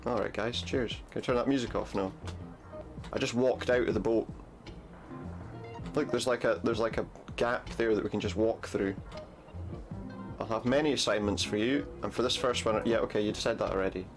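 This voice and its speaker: A man's voice: fairly low pitch, fairly even intonation, normal speed, soft background music. A man giving casual gameplay commentary, chatty, with wry, self-mocking asides.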